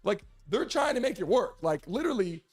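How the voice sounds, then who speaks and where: Guy hosting a sports talk show, high voice, laughy and chatty, faint music under him. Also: fairly quick, slightly rough. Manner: chatty, laughing often, animated asides to a producer. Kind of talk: casual sports and celebrity talk.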